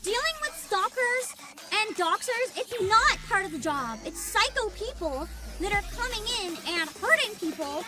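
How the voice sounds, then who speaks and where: A woman streamer in casual commentary, animated and laughing, with profane ranting. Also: very high voice, moderate pace. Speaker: VTuber streamer.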